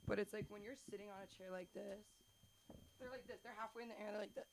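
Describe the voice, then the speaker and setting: A woman's voice: mid-range voice, fast talker, fairly bright tone. A woman doing stand-up at an open mic, chatty and rambling, poking fun at herself as she hosts. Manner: chatty, rambling, self-deprecating. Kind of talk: stand-up comedy. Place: small comedy club stage.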